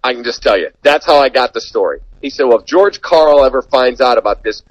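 A man's voice: mid-range voice, a little fast, dry recording, muffled recording. A man who works as a sports radio and TV broadcaster, telling an anecdote in a casual podcast chat and acting out the quoted voices. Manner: animated anecdote teller, acts out quoted dialogue.

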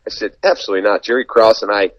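A man with a lowish voice talks in rapid bursts, recorded dry with no echo and a muffled sound. He's a sports broadcaster for radio and TV, spinning an anecdote during a relaxed podcast conversation. He tells it with lots of energy and performs the voices of the people he quotes.

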